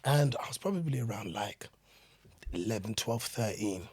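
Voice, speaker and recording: A man's voice: fairly low pitch, expressive, moderate pace, a little mellow, slight background noise. A young man, a podcast guest talking earnestly and reflectively about his upbringing, with many fillers. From England. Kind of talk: casual podcast interview.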